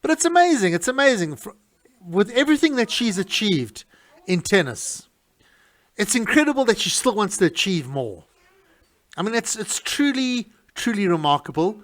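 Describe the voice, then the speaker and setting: A middle-aged man, talking casually on his radio show in an animated, indignant way with many restarts. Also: high-pitched, normal speed. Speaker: radio host. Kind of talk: casual talk-radio monologue.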